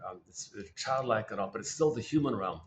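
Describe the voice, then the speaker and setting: A man's voice: lowish voice, expressive, fairly quick, a little hiss or hum. A man giving a rambling spoken talk on psychoanalytic ideas, repeating himself, restarting phrases and correcting himself as he thinks aloud.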